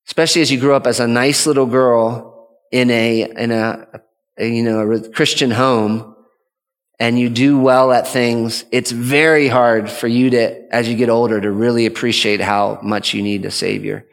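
A man's voice: medium pitch, steady tone, normal speed, big-room sound. A man giving an earnest, conversational teaching talk on parenting as a father, often restarting his sentences. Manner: earnest, rambling with frequent restarts.

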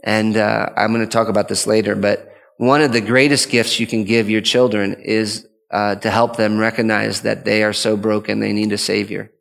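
A man's voice: fairly low pitch, little pitch movement, normal speed, creaky, few pauses, fairly bright tone, big-room sound. A man giving an earnest, conversational teaching talk on parenting as a father, often restarting his sentences. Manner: earnest, rambling with frequent restarts.

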